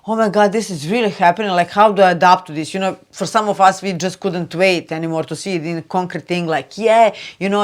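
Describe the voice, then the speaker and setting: A woman hosting a spiritual video, talking loosely and chattily with lots of "you know" and "like", turning soft and hushed for advice. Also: on the low side. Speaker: spiritual channel host. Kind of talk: casual spiritual talk to camera.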